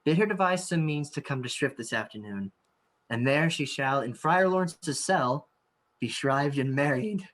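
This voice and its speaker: A woman's voice: deep voice, expressive, normal speed. A woman playing an earnest young nobleman in a video-call staged reading.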